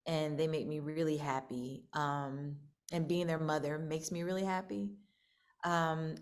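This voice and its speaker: A woman speaks candidly in an interview, her voice sitting low. She thinks aloud, circling back with ums and restarts. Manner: reflective, many fillers and restarts. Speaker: country singer and radio show producer.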